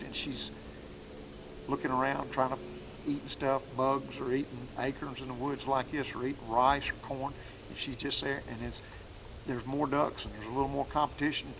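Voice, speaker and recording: A medium-pitched man speaks fairly quickly in a level tone over a noisy background. He teaches duck calling outdoors in the woods, plainspoken and folksy, demonstrating the calls as part of a hunting lesson.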